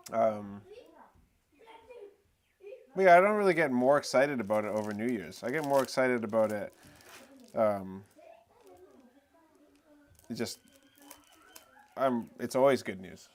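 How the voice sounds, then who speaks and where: Man, middle pitch, casual rambling storyteller, lots of fillers. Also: slow, pauses often. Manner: relaxed, rambling, lots of fillers like "you know" and "eh". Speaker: host of a live talk stream.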